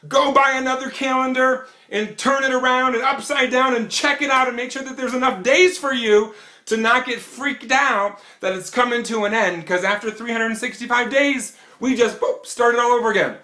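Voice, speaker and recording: A man's voice: very high-pitched, fairly even intonation, normal speed, pushed and bright, echoey room. A man hosting his own vlog, ranting with mocking humor and often breaking into laughter. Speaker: vlog host. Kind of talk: comic opinion rant to camera.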